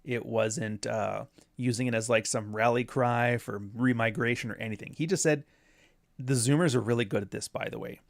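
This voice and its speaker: A man of middle pitch talks through a casual commentary, wandering off on tangents with sarcastic jabs. The sound is close and dry, with no room around it. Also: moderate pace, vocal fry, no room sound. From Canada. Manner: rambling, sarcastic asides. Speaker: commentary host.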